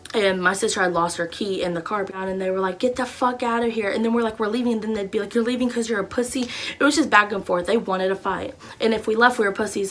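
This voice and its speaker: Young woman vlogger, storytime, swearing a lot, gets loud when quoting people. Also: medium pitch. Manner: animated, profane, swings into loud shouted quotes. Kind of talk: casual storytime.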